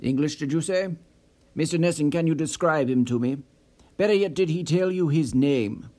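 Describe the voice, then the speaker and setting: A man voicing a brusque, insistent man who demands answers, in a lower, firmer voice than his own. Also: normal speed, lightly acted. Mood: urgent. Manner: forceful, insistent.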